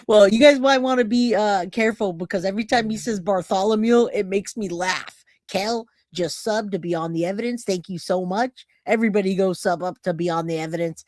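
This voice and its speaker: A woman streams true crime in a casual, chatty way, often laughing and thanking viewers as she goes. Her voice sits at an ordinary middle pitch. The sound is dry and close, with no room echo. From California. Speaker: true crime livestream host. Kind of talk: casual livestream chat.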